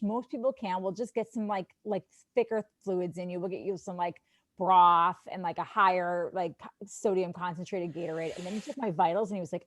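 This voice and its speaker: A woman in her thirties, a sports TV host, telling an animated story on a podcast full of "like" and quoted asides. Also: mid-range voice, brisk. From Wisconsin. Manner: animated, lots of "like", quotes herself. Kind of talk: casual storytelling.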